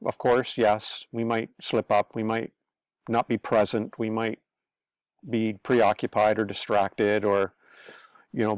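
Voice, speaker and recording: Male online preacher, casual blunt advice talk, gravelly edge, dry sound. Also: on the low side, no echo. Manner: blunt, earnest, repetitive, swears. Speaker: online pastor-commentator.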